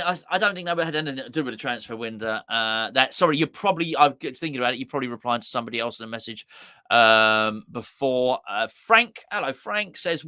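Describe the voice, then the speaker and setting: Dry recording of a fan-channel watch-along host whose male voice sits on the high side, pushed and bright. Streaming football live, he rambles through viewer comments in a chatty, self-deprecating way, tripping into many stammered restarts.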